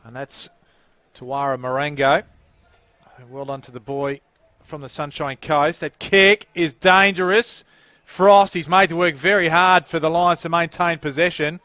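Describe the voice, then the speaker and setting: Australian play-by-play caller, a touch high-pitched, dry booth sound, punches up the big moments. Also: male voice, level tone, bright, forceful tone, dry recording. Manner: lifts and quickens on the action calls. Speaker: play-by-play commentator. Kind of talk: sports commentary.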